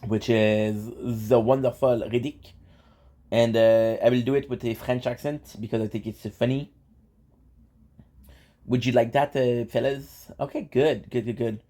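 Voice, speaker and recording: Mellow-voiced young man rambling casually. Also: medium pitch. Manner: rambling, with fillers and restarts. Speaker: vlogger. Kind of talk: casual vlog chat.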